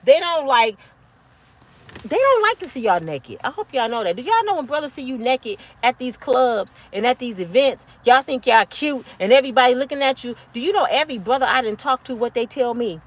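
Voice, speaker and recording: Woman, fifties, high pitch; blunt profane straight-talking vlogger lecture. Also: animated, fairly quick. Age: 50s. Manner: blunt, preachy, profane, yelling at times. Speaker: motivational vlogger. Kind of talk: impassioned monologue to camera.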